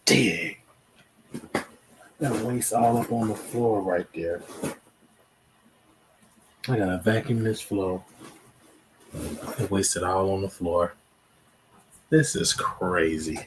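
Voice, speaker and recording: A man hosting a casual livestream from home, talking to his viewers in a slow, meandering way with lots of fillers. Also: low-pitched, a little hiss or hum. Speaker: livestream host.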